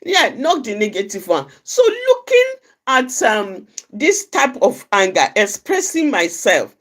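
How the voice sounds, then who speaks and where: A woman's voice: fairly high pitch, huge pitch swings, unhurried. A woman giving an earnest, reflective talk for an outreach program, often repeating phrases for emphasis. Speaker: outreach speaker. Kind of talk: personal reflective talk on anger.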